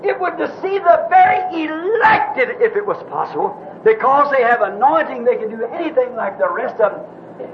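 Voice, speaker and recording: A man preaching a sermon as a minister, swinging from hushed, low talk to fervent shouting. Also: big pitch swings, moderate pace. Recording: dull lo-fi tape with faint hiss.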